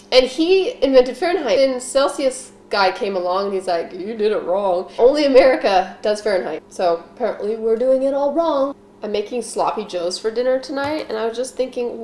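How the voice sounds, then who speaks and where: A young woman with a fairly high, darkish voice hosts a home baking vlog from her kitchen, which sounds echoey with a little hiss or hum. Between steps she's silly and rambling, full of jokey asides.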